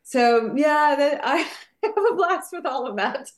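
A woman author as a podcast guest, giggly and a little rambling, quick to apologize. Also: high voice, expressive. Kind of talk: casual interview chat.

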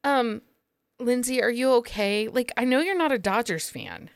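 A woman's voice: on the high side, animated, moderate pace, clear, resonant tone, no echo. Chatty woman podcast host, dry sound. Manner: chatty, laughs often. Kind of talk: casual chat.

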